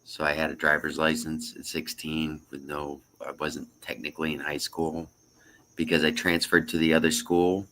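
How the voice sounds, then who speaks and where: Deep-voiced man chatting on a stream. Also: little pitch movement, moderate pace, sharp tone, a little hiss or hum. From Florida. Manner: rambling storyteller, tells a joke with duck voices. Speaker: live stream host. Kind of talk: casual chat on a live stream.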